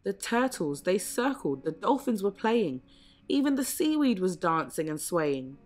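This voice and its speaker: Brief: a gentle woman reading a rhyming children's story unhurriedly over quiet music. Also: mid-range voice, sing-song. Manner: slow, gentle, measured reading. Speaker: storybook reader. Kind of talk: rhyming picture-book read-aloud. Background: soft background music.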